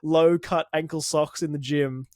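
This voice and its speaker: A man's voice: on the high side, steady tone, measured pace, darkish tone, dry recording, studio quality. A man co-hosting a podcast in casual chat, laughing easily and telling stories against himself. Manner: laughs easily, chatty and self-mocking. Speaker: podcast co-host.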